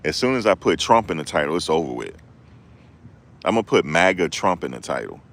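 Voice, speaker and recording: A man's voice: deep voice, sing-song, fairly quick, fairly bright tone. A man chatting casually on a live stream as a rideshare driver, laid-back and repetitive with street slang.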